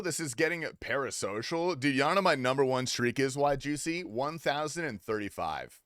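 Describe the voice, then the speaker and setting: A man's voice: medium pitch, fairly bright tone, no room sound. A young adult man streaming a game, talking casually with loose, profane, teasing banter to his chat on a close desk mic. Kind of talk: casual gaming livestream commentary.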